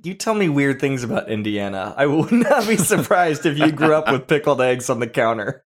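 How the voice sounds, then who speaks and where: A man's voice: medium pitch, moderate pace. Man hosting a casual movie chat. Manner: laughs often, animated storytelling. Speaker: podcast host.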